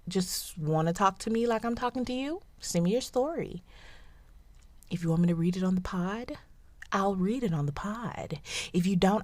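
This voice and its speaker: A young woman with a mid-range voice hosts her own podcast, keeping it casual, animated and playful. She talks straight to her listeners and hops quickly between tangents. The recording has no room sound.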